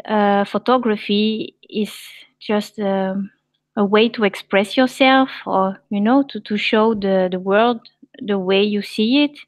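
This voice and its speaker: A woman's voice: medium pitch, no room sound. A woman in casual online panel chat, speaking earnestly and thoughtfully. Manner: earnest, thoughtful, hands questions on. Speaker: panel guest. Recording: dull lo-fi audio.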